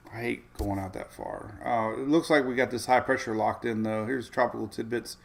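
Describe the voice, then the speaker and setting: A man's voice: medium pitch, gravelly. Rambling man hosting a weather stream. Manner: rambling, thinks aloud with fillers. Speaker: weather show host. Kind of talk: casual livestream weather chat.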